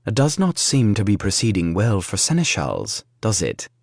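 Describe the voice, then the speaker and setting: Man playing a sly genteel merchant, soft, wry, low voice, dry audiobook sound. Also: wildly swooping pitch, normal speed, vocal fry, dry recording, full character voice. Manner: gentle, mildly mocking. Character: sly, genteel male merchant with hidden purpose.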